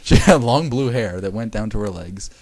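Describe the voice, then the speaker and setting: Young guy reading a story out loud, trips over words, cusses a lot, flat dead room. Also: fairly low pitch, normal speed, no echo, poor audio. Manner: stumbling, laughing asides, swearing. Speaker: amateur reader. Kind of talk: reading fanfiction aloud.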